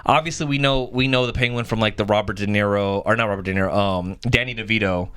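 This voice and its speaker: A young man co-hosting a podcast, chatting casually and excitedly, swearing and acting out scenes. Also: lowish voice, fast, clear, resonant tone. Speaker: podcast co-host. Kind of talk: casual chat.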